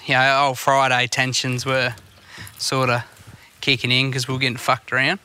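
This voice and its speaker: Sweary bloke telling stories. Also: male voice, mid-range voice, completely flat delivery, moderate pace, sharp tone, clean tone. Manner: sweary storytelling. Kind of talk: casual chat.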